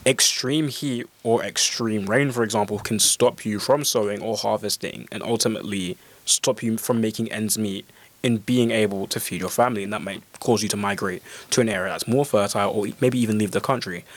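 Man, lowish voice, radio co-host, fluent, explanatory. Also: a little fast. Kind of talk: casual radio chat.

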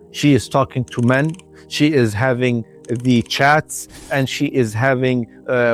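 Male radio preacher, earnest moral storyteller, measured phrasing, mid-range voice over soft background music. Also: mid-range voice. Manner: earnest, deliberate, lots of short pauses.

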